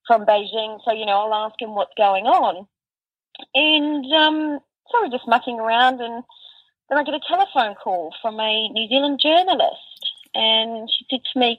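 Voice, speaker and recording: A woman's voice: on the high side, dry recording. Woman recalling a painful day, distant dull sound. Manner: halting, many restarts and fillers. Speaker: interview guest. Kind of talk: emotional personal recollection.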